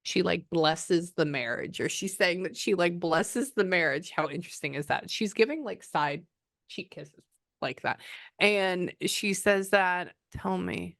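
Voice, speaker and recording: Chatty rambling woman medium, low-ish voice. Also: unhurried, a bit bright, no echo, studio quality. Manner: chatty, rambling, breaks off mid-sentence. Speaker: psychic medium. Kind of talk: reading session over a call.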